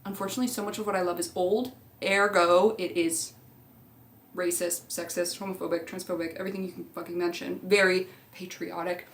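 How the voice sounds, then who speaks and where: A woman's voice: on the low side, little pitch movement, brisk, slight background noise. A young woman chatting casually as a vlogger, rambling through tangents and swearing freely. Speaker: movie rewatch vlogger. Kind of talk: casual chat.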